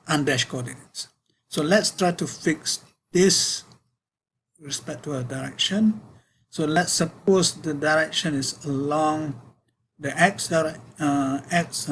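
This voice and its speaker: A man giving a university physics lecture, working through equations in a halting way with many fillers and self-corrections. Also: fairly high pitch, slight background noise, poor audio.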